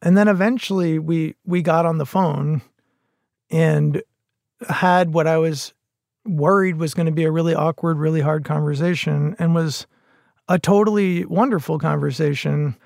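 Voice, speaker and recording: Earnest, gravelly-voiced middle-aged man. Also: on the high side, fairly even intonation, darkish tone, no echo, studio quality. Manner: earnest, halting, many restarts. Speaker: podcast guest. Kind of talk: casual conversation.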